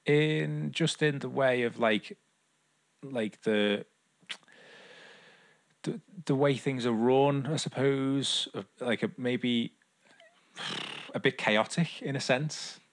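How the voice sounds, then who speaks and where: Speaking slowly with long pauses and a medium pitch, a young podcast co-host keeps things casual. His talk wanders, turns self-mocking, and leans on lots of fillers.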